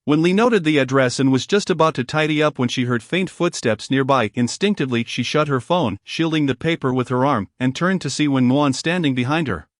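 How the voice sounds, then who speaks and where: A man narrates a novel in a steady, measured way. His voice sits at an ordinary middle pitch. The sound is dry and close, with no room around it. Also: dry recording. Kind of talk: audiobook reading of a romance novel.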